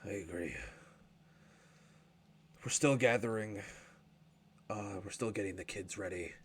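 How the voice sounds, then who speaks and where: A man's voice: fairly low pitch, husky, pitched below the performer's own voice, full character voice. A man doing a weary, apologetic old dwarf. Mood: worried, apologetic. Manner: apologetic, halting, choked up. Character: old worried male dwarf father.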